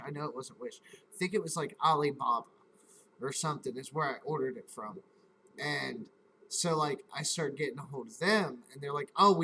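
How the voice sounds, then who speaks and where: A man's voice: mid-range voice, bright, forceful tone, slight background noise, rough recording. A man hosting a live stream, casually telling a rambling, profane story and acting out his own reactions in quotes.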